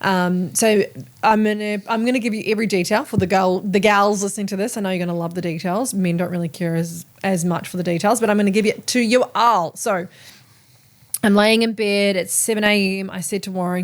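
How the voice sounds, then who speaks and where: A woman hosting a podcast and recounting a story in a frank, unfiltered way. She swears easily and slips into quoted dialogue as she talks. Her voice sits at an ordinary middle pitch. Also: fairly quick. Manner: candid, swears freely, lively retelling with quoted dialogue. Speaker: podcast host. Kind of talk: casual storytelling chat.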